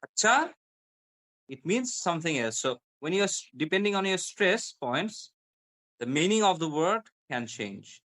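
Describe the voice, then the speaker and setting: Man slowly demonstrating word stress. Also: fairly high pitch, lively intonation, fairly bright tone. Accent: British. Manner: repeats example words slowly to demonstrate stress. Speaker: guest English pronunciation speaker. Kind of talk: explanatory conversation.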